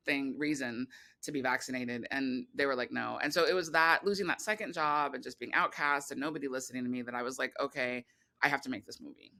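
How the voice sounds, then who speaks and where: A woman guest on a podcast, telling a long personal story in a rambling, animated way, full of restarts and quoted voices. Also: a bass voice. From California. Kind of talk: casual interview conversation.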